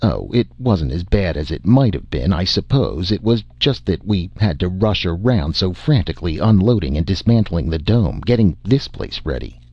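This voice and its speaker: A man's voice: low-pitched, very animated, normal speed, few pauses, muffled recording, full character voice. A man voicing a gloomy, exasperated alien base commander who overstates everything. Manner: despairing, exasperated.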